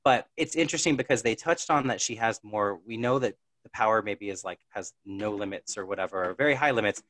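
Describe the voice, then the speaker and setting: A man's voice: fairly low pitch, fairly quick, a bit bright, no echo. A man co-hosting a podcast, chatting casually and rambling with frequent laughs. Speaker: podcast co-host. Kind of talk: casual chat.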